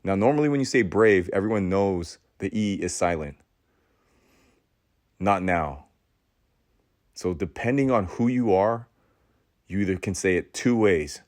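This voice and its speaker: A man with a very low voice delivers an intense, preachy monologue, hammering words by repeating them. He lurches from loud bursts down to hushed murmurs. The sound is close and dry, with no room echo. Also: animated, a little slow, pauses often. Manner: swings between loud outbursts and hushed, low passages. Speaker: podcast host. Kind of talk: impassioned spoken monologue.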